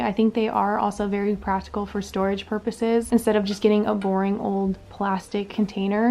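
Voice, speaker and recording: Gushing young woman showing thrift finds. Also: mid-range voice. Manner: gushing, soft and enthusiastic. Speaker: vlogger. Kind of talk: casual thrift haul show-and-tell.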